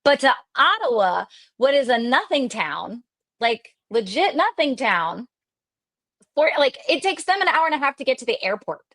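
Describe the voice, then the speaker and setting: Lively, talkative woman from Texas. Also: high-pitched, normal speed, dry recording. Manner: animated, lively retelling with quoted dialogue and frequent fillers; extroverted and talkative. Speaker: podcast guest. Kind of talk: casual storytelling interview.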